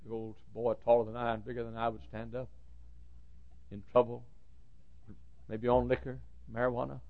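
A man in his fifties preaching a sermon, dropping to a hushed storytelling voice and then rising to fervent shouts. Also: mid-range voice, completely flat delivery, moderate pace, gravelly, narrow, tinny audio. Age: 50s. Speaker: pastor.

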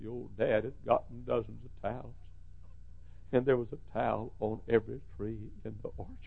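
A man preaching a sermon in a church, swinging from hushed lines to shouting. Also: mid-range voice, fairly even intonation, normal speed, creaky, husky, narrow, tinny audio.

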